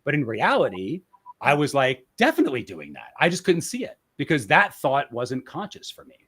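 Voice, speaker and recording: A man's voice: mid-range voice, wildly swooping pitch, moderate pace, a bit bright, slightly rough. A man as a podcast guest, speaking candidly and reflectively, often restarting and repeating words as he searches for the right phrasing. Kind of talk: candid interview conversation.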